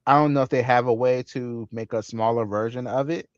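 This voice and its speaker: A man's voice: mid-range voice, fairly even intonation, brisk, no room sound. A man co-hosting a tech podcast in laid-back casual chat, swearing easily and laughing as he mimics others. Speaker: podcast co-host. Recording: dull, dry lo-fi audio.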